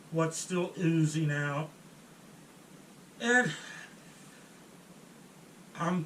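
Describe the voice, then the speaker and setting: A man telling a first-person story in a halting way, often restarting and trailing off mid-sentence. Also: a little high. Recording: roomy echo, distant mic, faint room noise.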